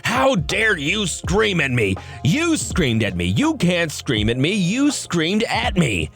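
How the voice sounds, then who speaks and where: Shrill, indignant entitled-shopper woman, high and repetitive, man reading her lines. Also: wildly swooping pitch, slow, fairly bright tone, faint music behind, exaggerated voice. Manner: screeching, repeating herself.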